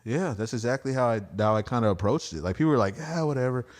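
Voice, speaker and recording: A man's voice: mid-range voice, lively intonation, quick pace. A man who does stand-up, a podcast guest telling stories in a rambling, profane way and acting out the voices of people he quotes. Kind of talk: casual podcast storytelling.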